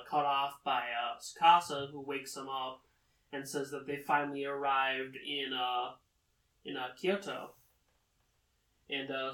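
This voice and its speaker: A man giving a casual plot recap, rambling and pausing on many fillers. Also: medium pitch, fairly bright tone. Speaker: anime recap host. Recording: roomy, distant from the mic.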